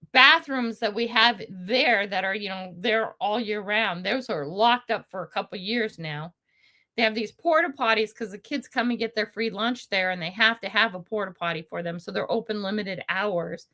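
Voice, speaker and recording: Older woman, livestream host, forceful bright voice, chatty, laughs a lot, blunt. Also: a little high. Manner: chatty, laughs often while telling stories; blunt and indignant. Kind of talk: casual livestream chat.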